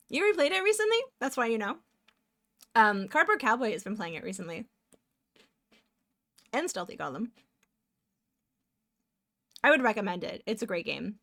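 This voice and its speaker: A woman's voice: mid-range voice, very animated, normal speed, pauses often, a bit bright. Chatty woman streamer. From Canada. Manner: chatty, giggly, talks to herself while working. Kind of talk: casual chat while drawing.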